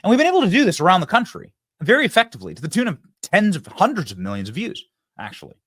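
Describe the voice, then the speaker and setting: A man delivering a political monologue as the host of his own show, his voice sitting a little high for a man. He swings his pitch widely as he repeats his points and acts out lines from an imagined debate. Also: huge pitch swings, racing, a bit bright.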